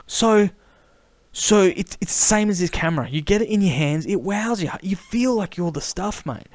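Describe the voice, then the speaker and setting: A man in a casual, enthusiastic vlog monologue, chatty and animated, often calling the listener mate. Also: sits high, normal speed, dry recording, studio quality. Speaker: camera vlogger.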